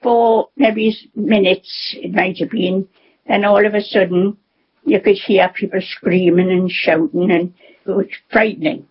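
A woman in her nineties from England, recalling events in a halting, plainspoken way during a radio interview. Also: mid-range voice, steady tone, slightly rough. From North East England. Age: 90s. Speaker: interviewee, war survivor. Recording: dull lo-fi broadcast audio.

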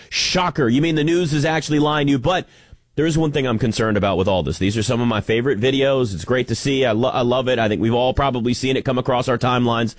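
An American man hosting a sports talk show, ranting in an animated, sarcastic monologue. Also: mid-range voice, quick pace, dry recording. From United States.

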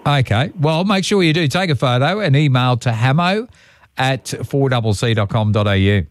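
An Australian man hosting a morning radio show, chatting with callers in a brisk, friendly, matey way. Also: medium pitch, expressive, no echo, clean studio sound. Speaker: radio host. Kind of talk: casual radio chat with callers. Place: radio studio.

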